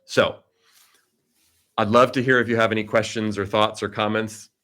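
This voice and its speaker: A man's voice: lowish voice, level tone, moderate pace, pushed and bright. Earnest middle-aged man speaking by video call. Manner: earnest, reflective storytelling. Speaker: keynote speaker. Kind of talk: motivational talk with personal story.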